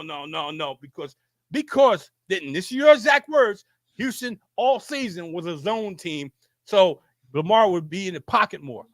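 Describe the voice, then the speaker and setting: A man with a high, slightly bright voice hosts a sports show and argues heatedly on camera. He is insistent and repetitive, stammering and restarting his sentences. The audio has no echo.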